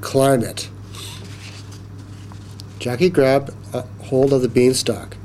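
A man reads a children's story aloud at an unhurried pace, leaning into each line with expression. His voice sits mid-range. A faint hum of room noise sits under him. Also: medium pitch. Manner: slow, expressive, animated reading.

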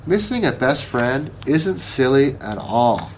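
A man voicing a gentle, caring mother in a read-aloud storybook, speaking softly and soothingly. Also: mid-range voice, very animated, takes it slowly, a little hiss or hum, poor audio. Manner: soft and soothing.

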